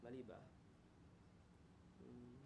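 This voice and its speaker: A man's voice: mid-range voice, flat delivery, slow, creaky, heavy background noise. A man with a Filipino accent teaching a Bible lesson in a conversational way, often checking in with "okay?" and correcting himself mid-word. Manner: conversational, frequent "okay?" tag questions and self-corrections. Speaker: preacher at a Bible study. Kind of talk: teaching sermon, mixing Tagalog and English.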